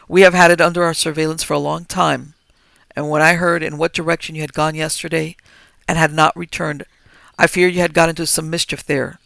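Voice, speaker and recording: A man's voice: on the high side, vocal fry, a bit bright, dry recording. A man voicing an anxious, insistent police chief who presses with urgent questions.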